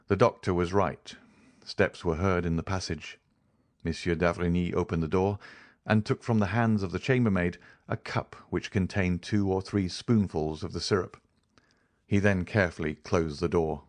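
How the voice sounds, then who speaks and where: A man narrating a classic novel in a steady, even storytelling manner. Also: sits low, normal speed, no echo, clean studio sound. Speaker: audiobook narrator. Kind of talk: scripted narration.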